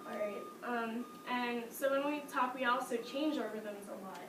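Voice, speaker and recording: A fairly high-voiced woman teaches a music lesson to a class, lively and playful, breaking into sing-song demonstrations. She is picked up from a distance in an echoey classroom. A steady hiss of noise runs under her voice. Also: moderate pace. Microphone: distant camera mic. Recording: echoey classroom from far off, noisy.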